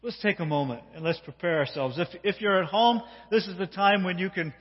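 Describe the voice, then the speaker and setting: A man preaching as pastor, telling a story and talking directly to a child and the congregation with animated delivery. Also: high voice, brisk, slightly rough. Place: church sanctuary. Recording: dull sound with long hall reverb.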